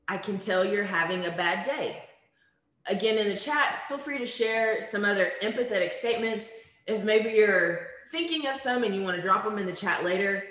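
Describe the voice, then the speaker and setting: A woman running an online staff training from her home, speaking casually and warmly to attendees with many fillers. Her voice sits in the middle of the range. It bounces around an echoey room over a video call. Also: medium pitch. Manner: conversational, friendly, many ums. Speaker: workshop facilitator. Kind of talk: virtual conference training talk.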